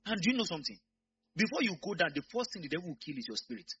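A man with a Nigerian accent preaching a sermon, swinging from quiet asides to loud shouts. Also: sits high, sing-song, very fast, lo-fi sound, a little hiss or hum.

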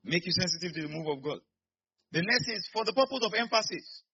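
A Nigerian pastor preaches to his church in a husky, bright, sharp voice that leaps up and down in pitch. He moves from murmured asides to loud bursts, and the recording sounds muffled. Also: expressive, fast. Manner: preaching with sudden shouts and acted asides. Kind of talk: sermon.

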